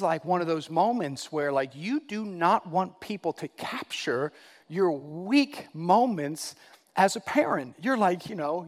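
A male pastor preaching a sermon, emphatic, repeating key phrases and swinging between loud and hushed. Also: on the high side, in a large hall.

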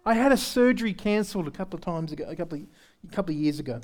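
This male pastor, with a slightly high voice, delivers his sermon at a rapid-fire clip and with lively intonation during a church service. His tone is candid and chatty, mixing self-deprecating humor with frequent rhetorical questions aimed at the congregation.

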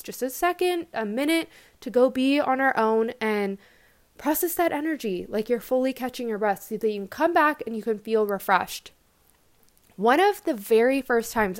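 A young woman hosting a self-help talk, speaking in a reflective, gentle, conversational way with casual "like" fillers. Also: mid-range voice. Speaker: podcast host and coach.

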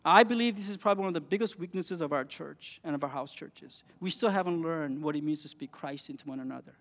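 A man with a high voice preaches a sermon, pressing points with rising emphasis and then sinking to near-quiet lines. The sound carries a long reverb from a large church hall. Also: fast. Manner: earnest, rising emphatic phrases with quiet drops.

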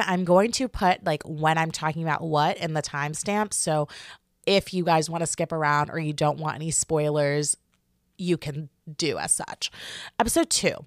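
A woman in her twenties hosting a podcast, talking through a reality show in a chatty, animated way full of fillers. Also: fairly low pitch, no room sound, clean studio sound. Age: 20s. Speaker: podcast host. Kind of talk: casual solo podcast chat.

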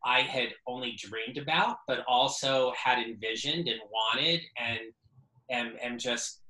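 A man's voice: medium pitch, unhurried, sharp tone, echoey room, low-quality recording. A man speaking as an interview guest, earnest and reflective, often repeating words as he thinks. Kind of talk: casual interview.

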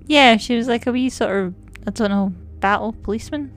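A woman's voice: on the high side, fairly quick, faint music behind. A woman, co-hosting a casual podcast chat about a TV series in a playful, teasing way. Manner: playful, teasing, laughs often. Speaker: podcast co-host.

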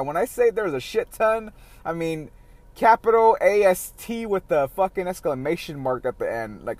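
A man's voice: mid-range voice, no room sound. A man talks through a loose solo podcast rant in a mid-range voice. He swears constantly, trails off and restarts, and keeps laughing at his own stories. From San Diego area. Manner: profane, rambling, laughs often. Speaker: podcast host.

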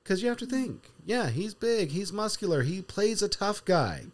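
A man's voice: high-pitched, normal speed. A man hosting a podcast, steering segments in playful casual chat. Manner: runs the segments, lively and playful. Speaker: podcast host.

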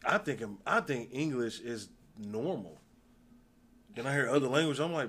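A man's voice: mid-range voice, expressive, moderate pace, a bit bright. A man from the United States in casual, profane chat, firing off rhetorical questions.

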